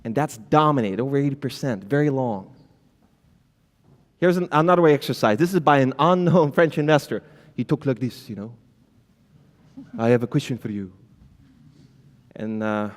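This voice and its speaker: A man with a mid-range, expressive voice speaks quickly as a conference speaker, talking straight to the audience in a conference hall. He acts out flustered founders tripping over filler words, and the recording carries a long hall reverb.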